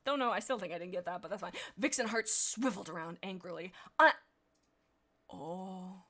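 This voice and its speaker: A woman streamer reading fan fiction aloud, breaking off often for excitable, laughing commentary. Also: lowish voice, fairly quick.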